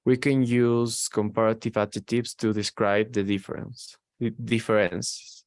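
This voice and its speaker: Male learner, low smooth voice, reads real slow, lots of ums. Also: flat delivery, a little mellow, dry recording. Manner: hesitant, reads slowly with many ums. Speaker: language student. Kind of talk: reading aloud in a lesson.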